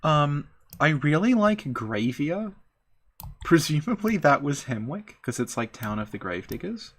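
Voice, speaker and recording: A woman's voice: deep voice, very animated, a little slow, husky. A woman co-hosting a live stream, talking casually about game lore in a rambling, hesitant way with many fillers.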